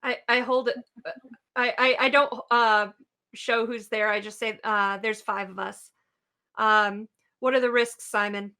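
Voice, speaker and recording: Woman player, wry and firm, crisp bright tone, voice sits a bit high. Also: fairly even intonation, unhurried. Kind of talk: tabletop game chat.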